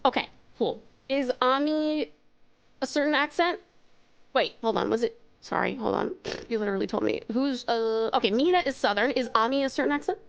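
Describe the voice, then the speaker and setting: A woman from Australia chatting with her live-stream chat and reading viewer stories aloud, bubbly and giggly, gasping often. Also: sits high.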